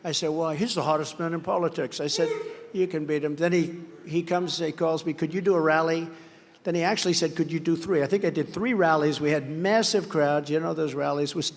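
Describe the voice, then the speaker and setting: A man's voice: a little high, fairly even intonation, brisk, creaky. A man giving a rambling, boastful campaign rally speech at a podium microphone, mocking his rivals by acting out their words. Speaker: political candidate. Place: large campaign rally venue. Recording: long reverb of a large venue.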